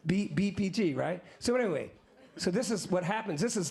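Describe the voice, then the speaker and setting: Gravelly-voiced man telling a lively story. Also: on the high side, fast. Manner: animated, acts out other people's lines in quotes; casual slang-filled talk with asides to the audience. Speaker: musician guest. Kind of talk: live storytelling to an audience.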